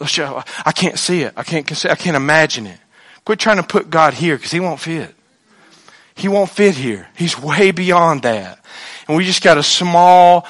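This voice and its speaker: A man preaching a sermon as pastor, animated, acting out quoted voices and swinging between loud outbursts and quiet asides. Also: high-pitched.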